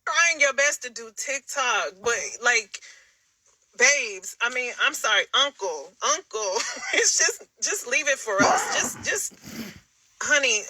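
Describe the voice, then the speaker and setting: A woman's voice: high voice, big pitch swings, takes it slowly, bright, forceful tone, slight background noise, rough recording. A woman from the United States speaking in a teasing, giggly, playfully condescending way in a casual response video. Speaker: TikTok creator replying.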